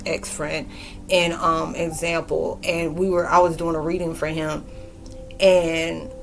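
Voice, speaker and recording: A woman in her forties giving a rambling, slangy spiritual monologue and acting out quoted dialogue in a lively way. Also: deep voice, slow, creaky, soft background music. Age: 40s. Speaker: spiritual podcaster and reader.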